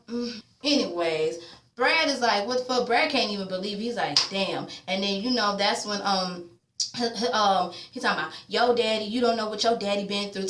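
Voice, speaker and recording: Woman, fairly high voice, blunt profane TV recap chat, echoey room. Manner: loud, blunt, swearing, talks straight to her viewers. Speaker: TV show recapper.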